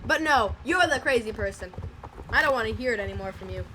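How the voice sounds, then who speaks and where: A woman's voice: fairly high pitch, lively intonation, fast talker, sharp tone, slight background noise. A young woman streamer chatting casually, playful and mock-bossy, swearing and hurling silly insults. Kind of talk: casual chat. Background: music.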